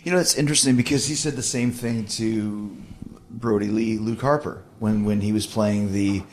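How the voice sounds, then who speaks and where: A man in his fifties hosting a podcast, asking questions in a relaxed, conversational way. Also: on the low side, normal speed, a little hiss or hum. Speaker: podcast host, interviewer. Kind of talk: casual podcast interview.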